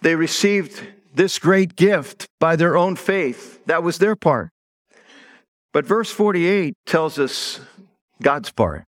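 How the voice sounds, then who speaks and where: A man's voice: a little high, lively intonation, takes it slowly. A middle-aged man preaching a sermon as pastor, telling stories in a conversational way and leaning hard on key words. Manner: conversational storytelling with stressed words.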